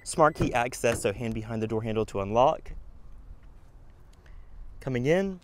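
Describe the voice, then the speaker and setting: A man giving a brisk walkaround tour of a car at a dealership, listing its features in short bursts. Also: mid-range voice, lively intonation, slight background noise.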